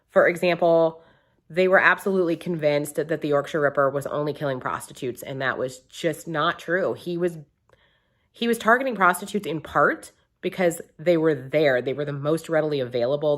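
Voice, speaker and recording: A young woman reviewing books in a casual, rambling vlog, full of ums and restarts. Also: low voice. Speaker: book reviewer.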